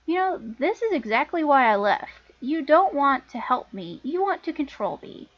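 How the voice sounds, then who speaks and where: A woman's voice: sits high, very animated, moderate pace, lo-fi sound. A woman voicing a rebellious young woman scavenger who answers her family back with defiance and sarcasm. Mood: defiant.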